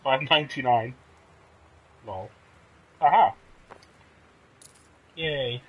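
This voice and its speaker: A man's voice: medium pitch, drawn-out words, lo-fi sound. A man casually commenting while he plays and streams a game, thinking aloud and reacting as he explores. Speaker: let's play streamer.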